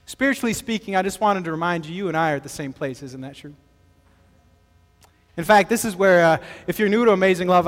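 A man's voice: sits high, a bit bright, big-room sound. A male pastor giving a sermon in a conversational way, full of rhetorical questions and humorous asides. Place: church.

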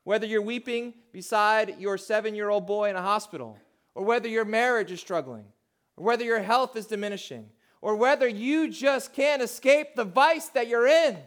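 A man preaching a heartfelt sermon to his church as pastor, dropping soft and rising loud. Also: high voice, normal speed.

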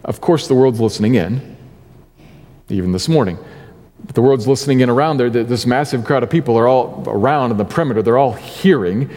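A man preaching a sermon as pastor, deliberate and leaning on key words, slowing down to read scripture. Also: mid-range voice, darkish tone, in a large hall.

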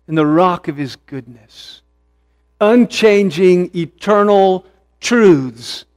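A middle-aged pastor with a notably high voice delivers his sermon in an earnest, emphatic way. He leans on repetition and slows down on the words he wants to land. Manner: earnest, with emphatic repetition and slow stressed phrases.

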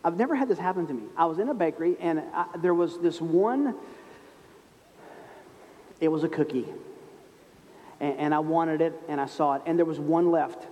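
A high-voiced male pastor preaching in a church, his voice carried by a long hall reverb. He tells stories with a self-mocking humor and slows down and goes soft on his key points. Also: dull audio. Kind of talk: sermon. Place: church sanctuary.

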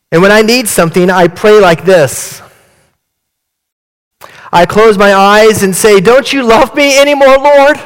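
A male pastor voicing a smug, prosperity-minded churchgoer in a poem reading, with a higher, brighter voice than his own. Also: long reverb tail, poor audio.

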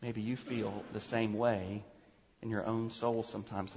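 A man's voice: lowish voice, flat delivery, unhurried, darkish tone, a little hiss or hum. A man preaching a sermon, emphatic, acting out the voices he quotes with rising intensity. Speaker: pastor. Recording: dull recording with long hall reverb.

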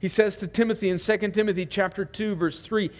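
A man's voice: high voice, steady tone, fast talker. A man speaking as a pastor in a church, praying and then preaching a sermon in an earnest way, often restarting his words. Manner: earnest, with frequent small restarts. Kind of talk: sermon with opening prayer. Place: church sanctuary.

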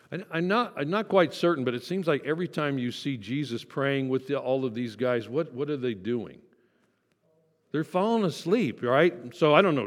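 A man's voice: mid-range voice, in a large hall. A man preaching a sermon to his congregation in a church, talking casually, asking them questions and making light self-deprecating jokes. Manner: conversational, asks the congregation questions. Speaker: pastor. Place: church sanctuary.

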